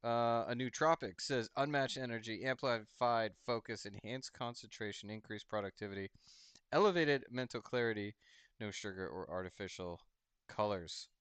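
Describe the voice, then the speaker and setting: A man hosting a casual crypto livestream, chatting loosely, chuckling often and reading a product label aloud haltingly. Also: on the low side, a bit bright, clean tone, no room sound. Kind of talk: casual rambling livestream chat.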